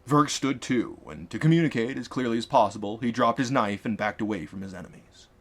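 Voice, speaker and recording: A man narrating his own fantasy audiobook in an expressive, dramatic reading. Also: mid-range voice, fairly quick. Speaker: author and narrator.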